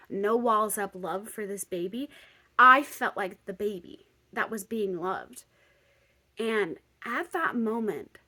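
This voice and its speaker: Young woman vlogger, storytelling straight to camera, animated, plays out both voices in her retellings, slightly high pitch. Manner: animated, lots of "like", acts out dialogue. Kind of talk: personal storytelling.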